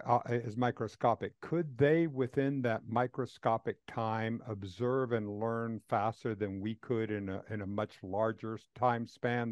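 A man with a lowish voice hosts a relaxed interview. He asks long, searching questions that wander and stall as he works them out. The sound is close and dry. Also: no room sound. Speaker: host. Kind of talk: casual interview conversation.

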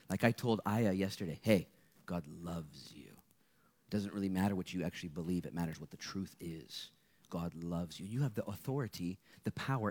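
A young man giving a casual sermon at a campus meeting as a guest speaker, joking and chatty, swinging between hushed and loud passages. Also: on the low side.

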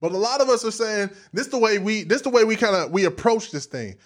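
A man with a high voice and delivers a sermon with big swings in volume and emphasis. He drops to near-whispers for asides, then punches key lines hard. He also acts out other people's voices as he preaches. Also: brisk. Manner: animated preaching, dramatic swings between soft and loud.

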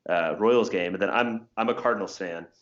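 A man's voice: deep voice, a little fast, roomy sound, dull audio. A young man co-hosting a casual podcast chat, rambling with lots of filler words. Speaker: podcast co-host.

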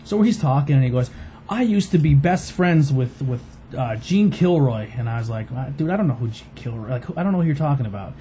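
Animated and brisk, his mellow mid-range voice carries a long podcast story told in a loose, rambling way. The host leans on fillers and acts out quotations, over a faint hiss or hum.

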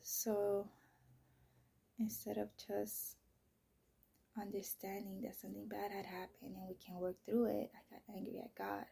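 A woman with a gravelly, husky voice recounts a painful family story in a podcast, her delivery raw and emotional. She jumps from loud, strained outbursts down to hushed, almost whispered lines. Her pitch sits in a middle range for a woman. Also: completely flat delivery, unhurried, pauses often. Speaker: mother telling her story. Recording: voice message.

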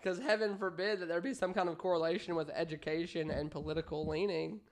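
A man's voice: fairly high pitch, fairly even intonation, fast. A man co-hosting a podcast, trading crude jokes in casual banter. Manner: crude, joking, often breaks into laughter. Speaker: podcast co-host.

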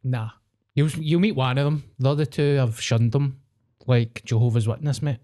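A man's voice: mid-range voice, fairly even intonation, normal speed, dark tone. A young man talking bluntly and mockingly in casual, sweary podcast chat.

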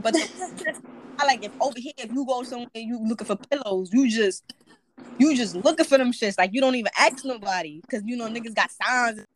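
A young woman from New York talks in a thick New York accent, loose and slangy, swearing often and asking "you feel me?" Her voice sits a little high, with a faint hiss of noise under it. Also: rough recording. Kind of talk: casual chat.

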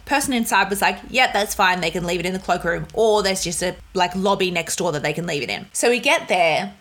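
A woman's voice: fairly low pitch, a little fast. A young woman vlogger telling stories casually and with energy, laughing often and acting out the people in them, over a humming laptop. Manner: animated, laughing, acts out voices in stories. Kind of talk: casual storytelling to camera. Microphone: laptop mic. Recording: laptop fan humming behind.

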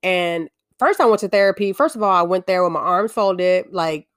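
A woman's voice: on the low side, moderate pace, dry recording, clean studio sound. A woman giving an earnest, confessional faith-based talk, often restarting her sentences.

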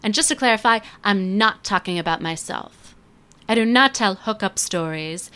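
A woman in her twenties hosting a casual solo podcast, chatty and sarcastic, who slips into quick voices when quoting others. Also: medium pitch, lively intonation, bright, forceful tone, smooth. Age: 20s. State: feels she is losing her voice. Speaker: podcast host.

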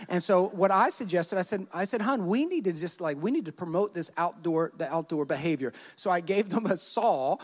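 Brief: male pastor, high voice, lively storyteller, church hall reverb. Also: fairly quick, few pauses. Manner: animated storytelling, acts out quotes. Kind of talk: sermon with personal stories.

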